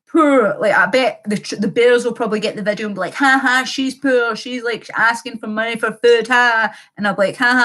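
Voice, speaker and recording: A woman's voice: medium pitch, fairly bright tone. Rambling woman livestreaming. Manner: rambling, swears freely, many fillers. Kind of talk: casual livestream chat, reading comments.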